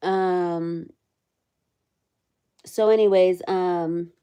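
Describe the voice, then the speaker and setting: A woman's voice: lowish voice, drawn-out words, smooth. A woman casually recapping a court hearing on a livestream, chatty, with many fillers, reading the chat as she goes. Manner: chatty, many fillers, reads chat aloud, quotes people in animated voices.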